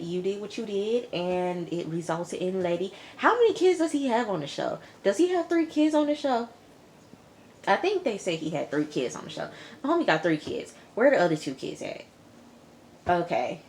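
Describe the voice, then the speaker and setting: A woman's voice: fairly low pitch, a little hiss or hum. A young woman chatting casually to her viewers about a TV episode, laughing often and talking straight to the audience. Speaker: TV review vlogger. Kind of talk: casual recap chat.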